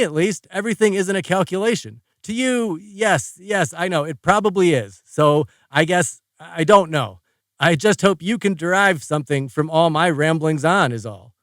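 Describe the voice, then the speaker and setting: Man narrating an audiobook, wry and rambling, fairly high voice, dry close mic. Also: a bit bright, no room sound. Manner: wry, rambling, conversational storytelling. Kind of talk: scripted first-person narration.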